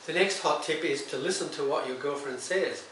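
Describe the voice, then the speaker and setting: Counsellor giving advice in a roomy echo. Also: male voice, a little high, fairly quick, a bit bright. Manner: plain, conversational, acts out short example dialogues. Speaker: counsellor and psychotherapist. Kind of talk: direct-to-camera advice talk. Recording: roomy echo, mic at a distance, faint hiss.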